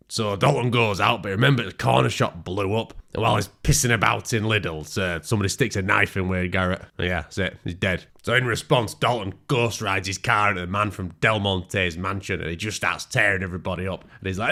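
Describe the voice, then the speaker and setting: A man recaps a film with sarcastic, sweary deadpan. His low voice is gravelly with fry, yet it comes across bright and forceful. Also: fairly quick, few pauses. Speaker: movie recap narrator. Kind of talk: sarcastic comedic movie recap.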